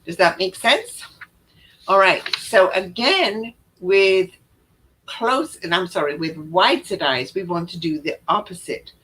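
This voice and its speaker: A woman's voice: fairly low pitch, animated, slow, a bit bright, a little hiss or hum, poor audio. A woman giving a chatty makeup lesson, showing steps on camera and often repeating or correcting herself. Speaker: makeup instructor. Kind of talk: live makeup tutorial.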